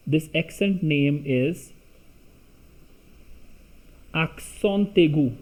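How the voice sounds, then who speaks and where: A man teaching French pronunciation, reading words and their meanings one at a time with long pauses. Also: a little high. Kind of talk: slow pronunciation lesson.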